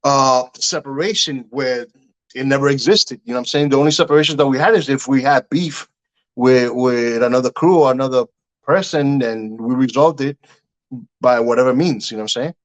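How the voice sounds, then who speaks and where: A man's voice: medium pitch, brisk, poor audio. A middle-aged man of Cuban heritage, a guest telling stories in a casual interview and acting out the voices in them. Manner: animated storyteller, acts out quotes, frequent "you know what I'm saying".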